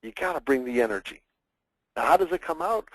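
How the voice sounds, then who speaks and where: A man teaching public speaking in a webinar, energetic and expressive, acting out examples in mock voices. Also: on the high side, brisk, dry recording, poor audio. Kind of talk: webinar presentation.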